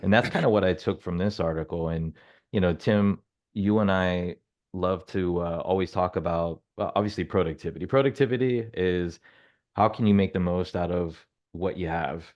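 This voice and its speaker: A man's voice: low voice, normal speed, darkish tone, lo-fi sound. A man co-hosting a business podcast, chatting casually with self-deprecating humor and lots of fillers. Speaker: podcast co-host.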